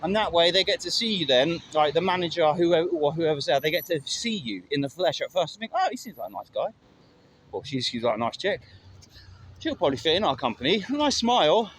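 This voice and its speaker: A man's voice: fairly high pitch, expressive, a little fast, a bit bright. A middle-aged man talking candidly and rambling in a casual vlog, recorded outdoors by a road, swearing now and then. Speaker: vlogger. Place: outdoors by a road with passing traffic. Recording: outdoor phone recording with faint traffic. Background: faint traffic and street sounds.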